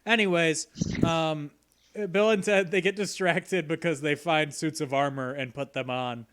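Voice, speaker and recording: A man's voice: a little high, a little slow, clear, resonant tone. Joking man recapping on a podcast. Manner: relaxed recapping, joking, light laughs. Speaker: podcast co-host. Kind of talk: casual chat.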